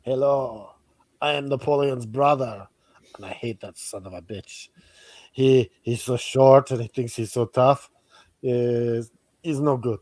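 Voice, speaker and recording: A man's voice: medium pitch, steady tone, unhurried, darkish tone, no echo, close to an everyday voice. Sneering, boastful ex-king with a shaky English accent, crude about his brother; a man puts it on. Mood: scornful. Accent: attempted English accent. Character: Joseph Bonaparte, grumbling exiled ex-king.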